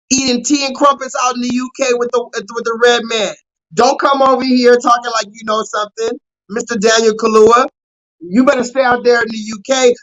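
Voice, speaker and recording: A young adult man hosting a live call-in stream, ranting loudly and profanely at the chat and mocking his target. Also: extremely high pitch, highs cut off. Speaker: livestream host.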